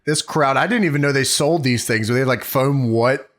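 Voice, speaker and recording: A man's voice: medium pitch, normal speed. A young man co-hosting a podcast, chatting in a laid-back way with crude jokes. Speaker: podcast co-host. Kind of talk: casual recap chat. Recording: loud background noise.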